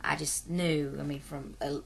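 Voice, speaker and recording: This vlogger, a woman in her 30s, has a deep, creaky voice, a steady tone, and a measured pace. Slight background noise sits under her casual, long-winded talk to camera, which is full of fillers and asides.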